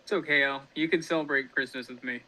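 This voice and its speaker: A man's voice: mid-range voice, fairly even intonation, quick pace, pushed and bright, poor audio. A man guesting on a casual livestream, talking in a laid-back drawl and calling everyone man and dude.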